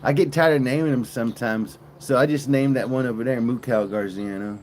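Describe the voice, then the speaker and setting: A man's voice: medium pitch, a little fast, a little mellow, a little hiss or hum. Crude rambling man on a farm livestream. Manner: crude, joking, rambling storyteller. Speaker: livestream host. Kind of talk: casual live-stream chat. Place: outdoors on a farm with cows nearby.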